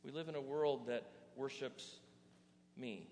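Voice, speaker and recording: A man preaching a sermon as pastor, animated, often asking the congregation rhetorical questions. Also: mid-range voice, a little slow, a little hiss or hum. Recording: reverberant hall.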